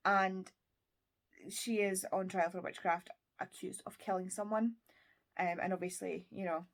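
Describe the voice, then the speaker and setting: An enthusiastic woman from the UK chats through her recent reads in a casual vlog. Her voice sits at a middle pitch, and she sometimes drops into a soft whisper. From United Kingdom. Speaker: book vlogger. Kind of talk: casual book wrap-up talk.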